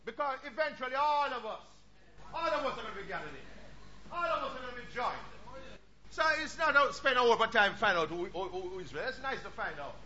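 A man preaching a sermon with fervour, dropping into low asides and rising to shouted peaks. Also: animated, brisk. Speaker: pastor. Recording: dull lo-fi recording with faint noise.

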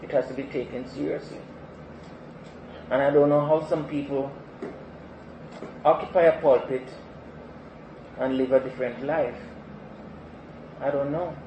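A man's voice: mid-range voice, fairly even intonation, measured pace, long pauses, mellow, slight background noise. A man preaching a sermon in an earnest manner, repeating key phrases for emphasis. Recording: echoey, slightly dull sanctuary recording.

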